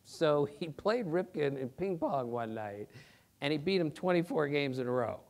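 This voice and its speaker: Middle-aged male sports reporter, speaker at a theater event, animated and emphatic, slightly high voice. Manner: animated, emphatic, quick bursts of speech. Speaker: sports reporter giving a talk. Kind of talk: anecdotal storytelling presentation. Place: theater auditorium.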